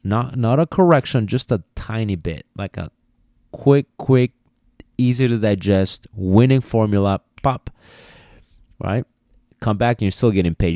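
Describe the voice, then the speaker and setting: A man's voice: on the low side, warm tone, no room sound, clean studio sound. A man hosting a podcast, explaining dog training in a casual, repetitive way and sometimes acting out commands. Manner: explanatory, repeats himself, acts out commands. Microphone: podcast mic.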